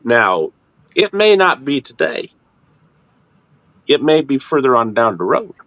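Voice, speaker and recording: Animated middle-aged man, lively pitch. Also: a little slow, no room sound. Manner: animated, repeats and restarts words, jumps into high mock voices. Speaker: ministry host. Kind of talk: casual teaching chat.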